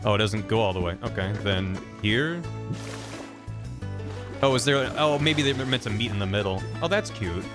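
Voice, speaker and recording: A man streaming a video game who thinks aloud in a rambling, casual way and reads in-game text out loud. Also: on the low side, moderate pace, long pauses. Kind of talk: casual gameplay commentary. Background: game music.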